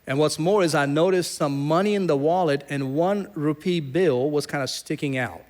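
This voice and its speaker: A middle-aged man from South Asia preaches with a somewhat high voice, moving between teaching and storytelling. He acts out the people in his stories with animated, dramatic voices. His delivery is warm and lively, shaped for a congregation. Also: normal speed. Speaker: pastor. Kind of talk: sermon.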